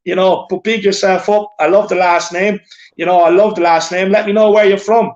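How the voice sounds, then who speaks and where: A man's voice: high voice, fairly even intonation, brisk, a little mellow, lo-fi sound. A man with an Irish accent hosting a casual live stream, reading out viewer messages in a chatty, repetitive way, recorded on a phone. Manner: chatty, repeats himself, calls people "my man" and "lad". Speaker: show host reading super chats.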